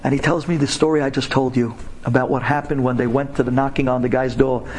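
A man's voice: medium pitch, little pitch movement, fast talker, a little mellow, slight background noise. A middle-aged man tells an inspirational story to a women's audience, acting out the voices with big dramatic swings.

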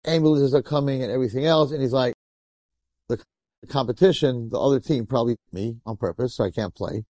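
Mellow-voiced rabbi telling a story. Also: male voice, medium pitch, a little fast, dry recording, clean studio sound. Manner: animated, conversational, acts out quotes. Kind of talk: storytelling sermon.

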